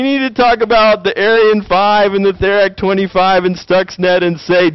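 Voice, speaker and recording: A man from Tennessee, giving a joking, animated lecture and acting out quick voices to an audience. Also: high-pitched, smooth, dry recording, highs cut off. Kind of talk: lively conference talk.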